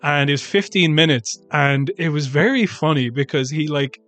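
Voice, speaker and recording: A man co-hosting a podcast, rambling and animated in casual chat, swearing freely. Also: fairly high pitch, moderate pace, soft background music. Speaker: podcast co-host.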